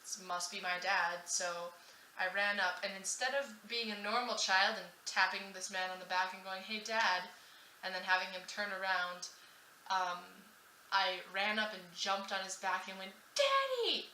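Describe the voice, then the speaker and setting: A woman's voice: medium pitch, little pitch movement, normal speed, pushed and bright, slight background noise. A young woman answering questions in a casual vlog, rambling and self-mocking as she tells stories. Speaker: vlogger. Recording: roomy echo, slightly distant from mic.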